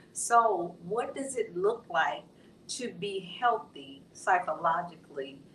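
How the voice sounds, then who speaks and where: A woman's voice: medium pitch, distant mic. Middle-aged lady pastor hosting, playful slangy asides, echoey room, bit of background hum. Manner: expressive, slips into playful colloquial asides. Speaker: pastor and host. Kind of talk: candid panel conversation.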